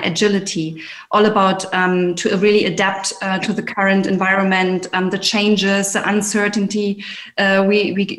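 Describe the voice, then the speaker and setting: A woman speaking as a panel guest, halting, often adding "yeah" while she searches for words. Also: mid-range voice, roomy sound. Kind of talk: conversational panel talk.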